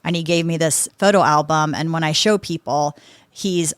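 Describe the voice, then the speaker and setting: A woman in her fifties tells stories as a podcast guest, and she acts out the other people in her anecdotes. Her voice sits a little low, and the sound is dry and close. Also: moderate pace, dry recording. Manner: lively anecdotes, acting out what people said. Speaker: podcast guest, sports executive. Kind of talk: conversational interview storytelling.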